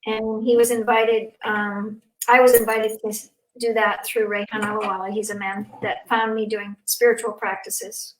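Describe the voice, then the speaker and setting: A woman's voice: mid-range voice, flat delivery, moderate pace, hardly any pauses, slight background noise. Earnest woman host, echoey and far. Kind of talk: spiritual talk show chat. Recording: echoey, distant from the mic.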